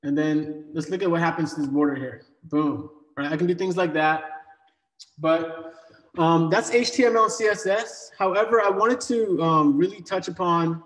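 Man, coding instructor, live online lesson, casual and joking, fairly high voice, echoey room. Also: normal speed, a bit bright. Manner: casual, joking, many fillers and restarts. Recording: echoey room with long reverb.

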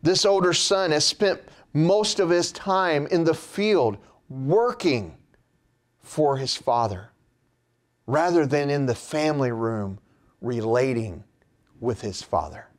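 A man preaching a sermon in a slow, measured way, his pitch dropping at the end of phrases. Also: animated.

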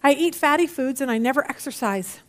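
Animated high-voiced woman teaching Bible study. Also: fairly quick. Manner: animated, chatty, acts out quoted voices.

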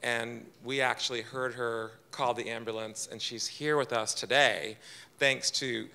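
A man with a very bright, ringing voice tells a personal story to a live audience. He is chatty and self-deprecating, and he slips into quoted lines of dialogue in his own voice. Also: medium pitch, fairly even intonation, a little slow, creaky. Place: event room with audience.

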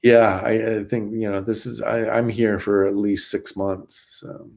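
A man's voice: fairly low pitch, measured pace, vocal fry. A middle-aged man, a stuntman guest, telling stories in a casual interview with lots of restarts. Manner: animated storyteller with many restarts.

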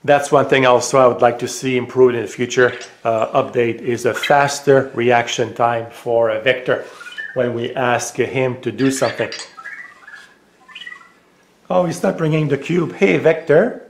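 A man's voice: medium pitch, slight background noise. French-accented man, echoey home room. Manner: hesitant, many filler pauses; raises voice for voice commands. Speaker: tech reviewer. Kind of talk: casual product demo.

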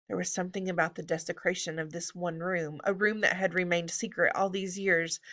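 A woman reading a children's fantasy story aloud at a steady pace. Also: lowish voice. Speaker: audiobook reader. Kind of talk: storybook narration.

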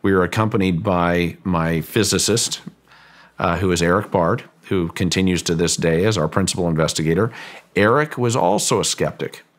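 A man being interviewed who recounts a story in a halting way and often repeats words as he goes. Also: sits low. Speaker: guest, ranch owner recounting a story.

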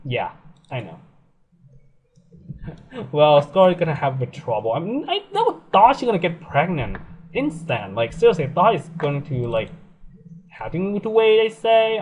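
Excitable young man, lively high voice. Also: a little slow, long pauses, a little hiss or hum. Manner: excitable, laughs often, swears freely. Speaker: let's play gamer. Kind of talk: casual game commentary.

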